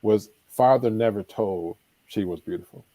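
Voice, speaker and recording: Preacherly male life coach, dark dry voice. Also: fairly low pitch, moderate pace, no echo. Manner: preacherly, acts out dialogue, emphatic repetition. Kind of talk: animated storytelling advice.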